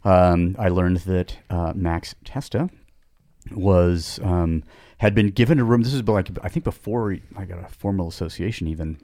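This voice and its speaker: Low-voiced rambling middle-aged man. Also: moderate pace, mellow, dry recording, studio quality. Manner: rambling, many restarts and asides. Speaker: podcast guest. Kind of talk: casual storytelling.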